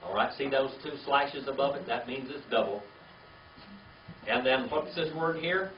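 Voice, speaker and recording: A man leads a Bible lesson for a small class, asking them questions and repeating key words with a steady "all right?" after each point. His voice sits in the middle of a man's range. It is picked up from across an echoey room, dull and lo-fi with a faint hiss underneath. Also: medium pitch, normal speed, recorded from a distance. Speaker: Bible teacher.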